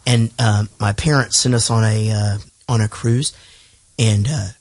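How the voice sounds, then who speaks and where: A man's voice: on the low side, steady tone, measured pace, a little mellow. A man hosting a movie podcast, chatting casually and rambling, joking and swearing. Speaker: podcast host. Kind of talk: casual movie-review chat.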